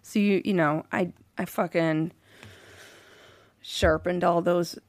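A woman's voice: lowish voice, steady tone, slow, dry recording. A woman co-hosting a podcast in casual chat, blunt and reactive, swearing freely.

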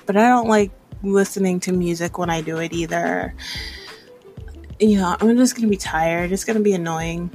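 A woman's voice: mid-range voice, moderate pace, darkish tone, soft background music. Candid rambling young woman vlogger. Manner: rambling, candid, laughs often, swears casually. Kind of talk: casual personal vlog monologue.

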